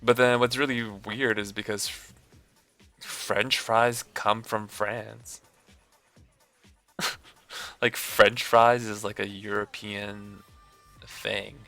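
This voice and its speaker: Young guy streamer rambling slow, gravelly and bright, lots of likes, faint music behind. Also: lowish voice. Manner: rambling, amused, lots of "like" and restarts. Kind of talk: casual chat.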